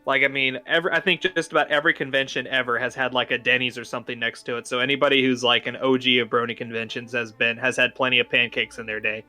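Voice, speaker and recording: Bright-voiced chatty young man. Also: medium pitch, level tone, fast talker, few pauses, soft background music. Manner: chatty, hesitant, many fillers and restarts. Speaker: podcast host ranking cartoon foods. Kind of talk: casual chat.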